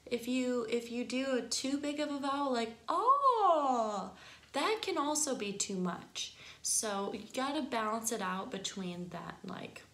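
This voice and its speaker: A woman voice teacher giving a casual singing lesson, chatty and explaining with quick examples. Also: fairly high pitch, roomy sound.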